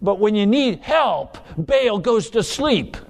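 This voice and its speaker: Animated, high-voiced preacher man. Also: slow. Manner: dramatic, emphatic, with acted-out pleas. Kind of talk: sermon.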